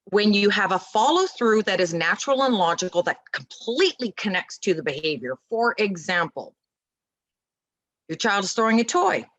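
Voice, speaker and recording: A woman guest in a casual interview, talking about parenting in an animated, emphatic way and acting out little dialogues. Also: mid-range voice, normal speed, dry recording, poor audio.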